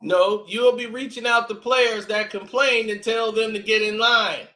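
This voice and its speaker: A man with a very high, bright voice talks slowly and mockingly as he reacts to a clip. He keeps breaking into laughter, and his voice bounces around an echoey room. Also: fairly even intonation. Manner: sarcastic, laughs often between remarks. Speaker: commentator reacting to a video clip.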